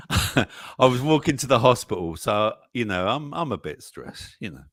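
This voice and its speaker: A man, co-hosting a live online chat show. He tells anecdotes with a lot of laughter and a lively up-and-down pitch. The sound is dry and close. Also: unhurried, no echo. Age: 60s. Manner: chatty, laughs often, tells stories animatedly. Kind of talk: casual chat reading viewer comments.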